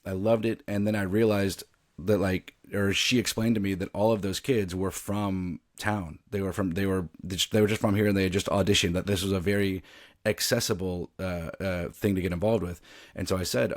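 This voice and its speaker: A man's voice: sits low, fairly even intonation, moderate pace, dry recording, clean studio sound. A man from the American South, an actor talking casually as a podcast guest, rambling with many restarts and a mostly neutral American accent. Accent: neutral American, faint Southern. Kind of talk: casual interview chat.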